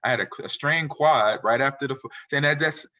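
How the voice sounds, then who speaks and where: A man in his forties, a retired football player, telling animated, rambling stories as a guest in a casual interview. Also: medium pitch, brisk. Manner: animated, rambling storyteller who acts out quotes.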